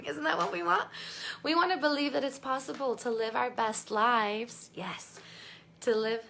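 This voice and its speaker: A woman's voice: sits high, fairly even intonation, measured pace, creaky, a bit bright, a little hiss or hum. A woman coaching a live online workshop, bubbly and effusive, reading out viewers' comments and laughing often. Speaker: life coach.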